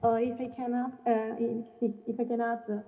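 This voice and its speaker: A woman's voice: fairly high pitch, flat delivery, a little fast, a little hiss or hum. A woman adding a comment in an academic panel discussion, hesitant with many fillers. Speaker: panel participant. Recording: dull, reverberant video-call audio.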